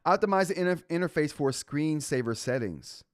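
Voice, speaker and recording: A man hosting a live tech stream in a casual, chatty way. He reads through software notes and answers the chat, his pitch rising and falling a lot. The sound is dry and close, with no room echo. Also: lively intonation, moderate pace. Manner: reads update notes aloud and reacts to chat. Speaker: tech show host.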